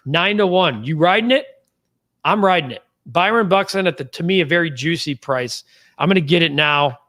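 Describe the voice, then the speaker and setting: An upbeat, folksy sports talk host with a fairly high voice. He is wrapping up a live show in a casual way, reading out viewers' comments. He speaks warmly and directly to them. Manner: upbeat and chatty, with shout-outs to viewers by name.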